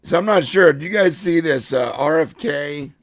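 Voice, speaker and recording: Congested, gravelly-voiced man host. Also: on the high side, lively intonation, normal speed, dry recording, studio quality. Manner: rambling, joking, frequent fillers and throat clearing. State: congested, hoarse voice. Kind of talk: casual podcast chat.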